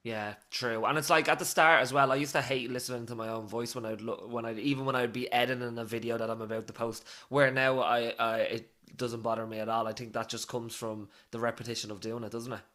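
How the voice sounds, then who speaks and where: A man hosting a casual podcast interview, relaxed and a little hesitant, repeating words as he asks questions. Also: medium pitch, fast, hardly any pauses. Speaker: podcast host.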